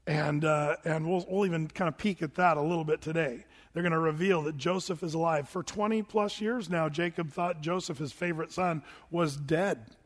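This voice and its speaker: Casting: middle-aged male preacher, high-pitched, lively, conversational with frequent restarts. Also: normal speed, hardly any pauses. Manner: animated, chatty, many restarts. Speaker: pastor. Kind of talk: sermon with storytelling.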